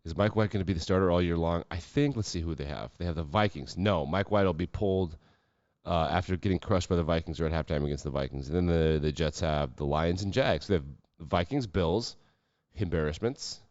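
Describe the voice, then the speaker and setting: A man's voice: sits low, fairly quick, a little mellow, no echo, highs cut off. A man hosting a sports podcast, talking casually with sarcastic, profane asides. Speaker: podcast host.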